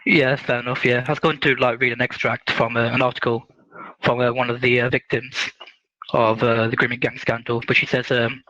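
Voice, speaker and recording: British man, caller, hesitant, flat bright voice, lo-fi call audio. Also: medium pitch, a little fast, dry recording. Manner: hesitant, lots of uhs. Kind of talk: casual call-in question.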